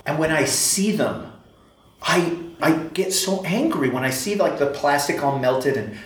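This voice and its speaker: Animated stammering man telling stories. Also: a little high, unhurried. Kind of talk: casual chat, storytelling. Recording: echoey room, faint background noise.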